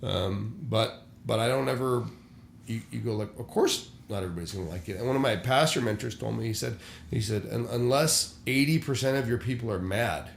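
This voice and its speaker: Man, church worship leader, gravelly candid storyteller, roomy echoey recording. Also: mid-range voice, brisk, slight background noise. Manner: candid storyteller, acts out quoted voices. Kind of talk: casual podcast conversation. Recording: roomy echo.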